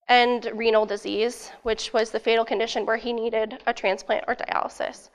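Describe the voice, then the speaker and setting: A young woman student giving a casual academic presentation, eager and full of fillers, her voice a little worn. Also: on the high side. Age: young adult. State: losing her voice.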